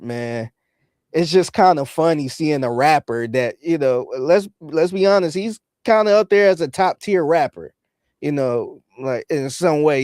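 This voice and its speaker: A man co-hosting a podcast, talking in a relaxed way and often acting out what others might say. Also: fairly high pitch, no echo, studio quality. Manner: relaxed, acts out quotes. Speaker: podcast co-host. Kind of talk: casual podcast commentary.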